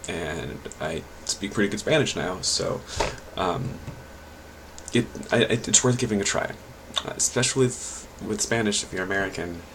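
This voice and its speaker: A man's voice: low voice, moderate pace, noisy background. A man chatting casually on his vlog and giving language learning tips, rambling and hesitant with many fillers and restarts.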